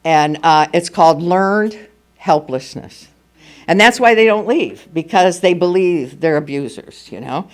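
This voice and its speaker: A woman's voice: fairly low pitch, expressive, a little slow. An older woman speaking at a recovery meeting, telling her personal story candidly and with humor. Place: meeting room at a school.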